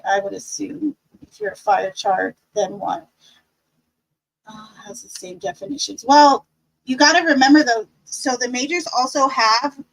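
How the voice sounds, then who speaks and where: A high-pitched woman leads a relaxed live-stream tarot class. She is cheerful and encouraging, talking in a chatty way with plenty of fillers. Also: rough recording. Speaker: tarot teacher.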